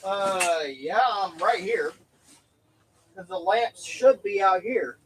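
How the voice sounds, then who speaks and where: A man's voice: high voice, slow pace, a bit bright, slight background noise. A man hosting a casual livestream, rambling through stories and jokes. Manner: rambling storytelling, joking. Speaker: livestream host and Civil War reenactor.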